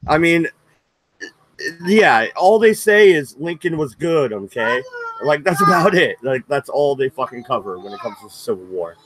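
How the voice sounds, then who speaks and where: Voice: medium pitch, big pitch swings, moderate pace, noisy background. Blunt, swearing young stream co-host. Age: young adult. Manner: blunt, swears freely, reads chat questions. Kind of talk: casual debate with swearing.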